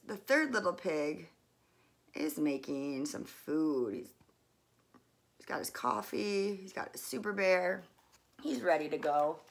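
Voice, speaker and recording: In a lowish, gravelly voice, a woman who works as a fitness coach reads a children's story aloud, gently pausing now and then to softly describe the pictures.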